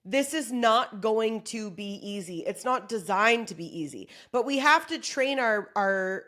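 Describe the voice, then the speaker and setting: Speaking at a measured pace in a slightly high voice, this female comedian delivers a relaxed motivational talk. She jokes and curses without restraint, staying lively the whole way.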